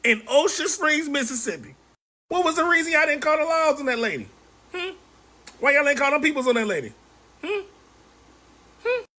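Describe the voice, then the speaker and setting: Animated woman true-crime commentator. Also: high-pitched, normal speed, pauses often. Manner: animated, rhetorical questioning, sarcastic.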